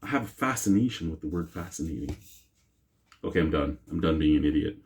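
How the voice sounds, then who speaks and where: Here a man reviews beer in a casual vlog, chatting, rambling and mocking himself as he goes. His deep voice is expressive and a little mellow with a breathy edge, and he talks briskly. He's recorded through a camera mic, not a lapel mic.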